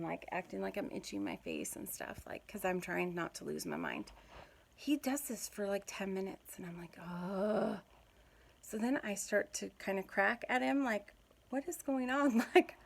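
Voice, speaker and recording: Woman, thirties, gravelly voice, chatty giggly storytelling, casual mom vlog. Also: medium pitch, fairly bright tone. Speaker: mom vlogger.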